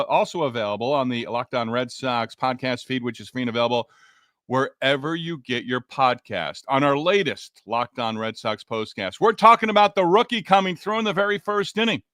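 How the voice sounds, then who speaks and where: A man hosting a solo sports podcast, talking straight to listeners in an energetic, emphatic way. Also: mid-range voice, moderate pace, no echo, studio quality. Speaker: podcast host.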